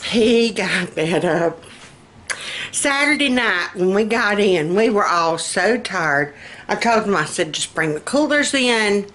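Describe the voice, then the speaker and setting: Slow, chatty Southern woman. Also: medium pitch, animated, a bit bright. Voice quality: slightly slurred from denture adhesive. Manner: chatty, folksy, laughs often. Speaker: vlogger. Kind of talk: casual chat.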